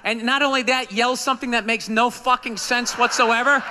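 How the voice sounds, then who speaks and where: Against a noisy background, a comedian with a very high-pitched, steady voice speaks at a moderate pace. His club set before a live audience is profane and ranting, with the voices in his stories acted out.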